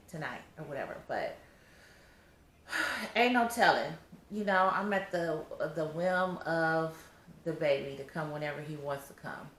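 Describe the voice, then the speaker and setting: A woman's voice: sits low, fairly bright tone, reverberant, slight background noise. A heavily pregnant woman giving a casual vlog update, blunt and exasperated, cussing freely. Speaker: vlogger.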